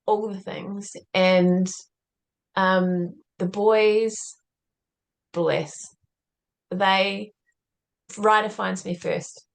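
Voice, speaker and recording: A woman's voice: mid-range voice, steady tone, extremely slow, creaky, long pauses. A woman as a podcast guest, telling a personal story in an earnest, reflective way and often saying "like". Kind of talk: conversational interview storytelling.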